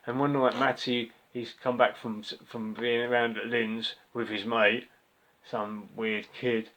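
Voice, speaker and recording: A man's voice: medium pitch, little pitch movement, unhurried, sharp tone, muffled recording. A man giving a ranting monologue review of a record, angry, profane and sarcastic. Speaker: music reviewer. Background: faint music from the record being reviewed.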